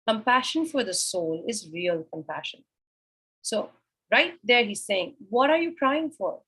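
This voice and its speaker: A woman's voice: medium pitch, a bit bright, breathy edge, poor audio. A woman teaching a scripture class, explaining a sacred text verse by verse and asking and answering her own questions.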